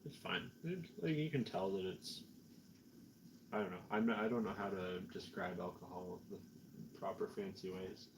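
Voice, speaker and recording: Canadian guy slightly tipsy, rambling while he paints, lowish voice, noisy mic hiss. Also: moderate pace. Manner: rambling, chatty, self-mocking. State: tipsy from drinking. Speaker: streamer painting miniatures. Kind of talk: casual chat while painting.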